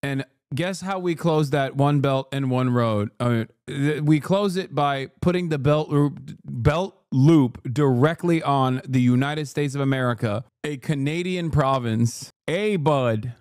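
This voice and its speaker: A man hosting a live stream, reacting with sarcastic, profane, animated commentary. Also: mid-range voice, unhurried, few pauses, clean tone, no echo, clean studio sound. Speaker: streamer host.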